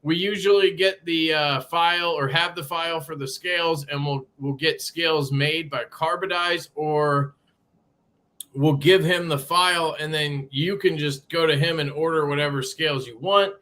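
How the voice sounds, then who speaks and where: A man's voice: on the high side, steady tone, normal speed, sharp tone. Casual, profane man hosting a live stream. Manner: loose and profane, greets viewers by name. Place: home room being moved into.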